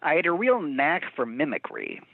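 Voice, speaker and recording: Man, voice actor guest, lively pitch, chatty storyteller, tinny dry phone line. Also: moderate pace, creaky, no room sound. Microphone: telephone.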